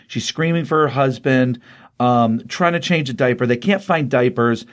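A man's voice: medium pitch, normal speed. Middle-aged guy on a podcast, medium voice, chatty, lots of ums while he retells stuff. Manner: conversational, chatty plot retelling with frequent fillers. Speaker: podcast co-host reviewing comics. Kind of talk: casual review chat.

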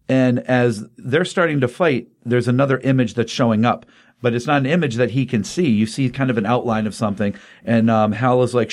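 A man's voice: medium pitch, moderate pace. A man co-hosting a casual comic book chat, retelling a comic's plot with energy and loosely quoting the characters. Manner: animated storyteller, quoting characters loosely without voices. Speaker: comic book podcast co-host.

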